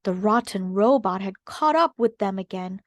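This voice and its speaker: A woman's voice: mid-range voice, expressive, no room sound. A woman reading a children's storybook aloud as the narrator. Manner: slow and clear. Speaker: storybook reader.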